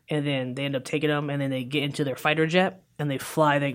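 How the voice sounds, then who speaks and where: A man in casual chat, excitedly retelling scenes in a rambling way and briefly acting out the characters' lines. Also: fairly high pitch. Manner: excited, rambling retelling with quick acted-out quotes. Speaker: co-host recapping a film trailer.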